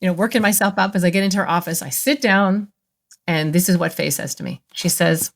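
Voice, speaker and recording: A middle-aged woman, a therapist, telling stories as a guest in an interview in a lively, expressive way. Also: lowish voice, brisk. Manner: animated, expressive storyteller. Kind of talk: interview storytelling.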